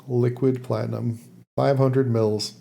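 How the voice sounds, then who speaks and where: A man's voice: medium pitch, level tone, a little slow, vocal fry, mellow. A man hosting a podcast, casually recapping a TV episode with frequent fillers and laughs. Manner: recaps plot loosely with many fillers and laughs. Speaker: podcast host summarizing an episode.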